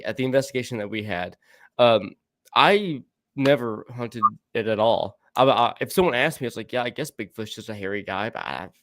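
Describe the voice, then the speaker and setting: A man recounts a story in a loose, casual way, stumbling over his words and repeating himself. His voice sits at an ordinary middle pitch. The sound is dry and close, with no room around it. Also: a bit bright, no echo. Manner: halting, stammering, laughs often.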